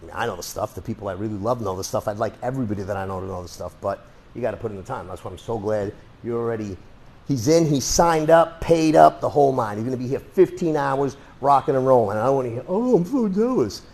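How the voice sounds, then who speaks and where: A man's voice: medium pitch, quick pace, creaky, a little mellow. Rambling, sarcastic male self-defense instructor. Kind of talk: casual live class talk.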